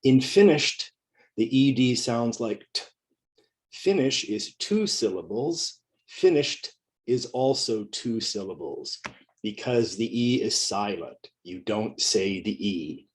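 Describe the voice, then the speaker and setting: A man's voice: lowish voice, slow pace. A middle-aged man teaching a pronunciation lesson, speaking carefully and repeating each word for learners.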